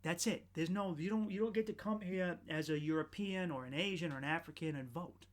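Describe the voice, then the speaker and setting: Ranting profane podcast host. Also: male voice, a little high, fairly quick. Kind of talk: casual profane monologue.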